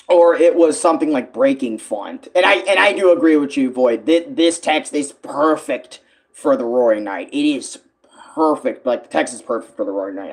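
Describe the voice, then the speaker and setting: A man chatting loosely about his own song cover, swearing and restarting sentences often. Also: mid-range voice. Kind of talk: casual rambling commentary.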